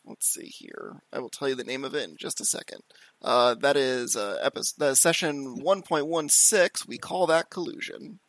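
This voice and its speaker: A man's voice: mid-range voice, moderate pace, a bit bright, no room sound. A man hosting a podcast, chatting casually and enthusiastically with lots of fillers. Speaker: podcast host.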